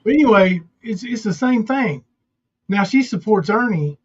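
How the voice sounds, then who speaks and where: A man's voice: sits high, expressive, moderate pace, breathy edge. A man co-hosting a stream, earnestly arguing his point about played clips. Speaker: co-host. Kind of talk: casual commentary on played clips. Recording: dull lo-fi audio.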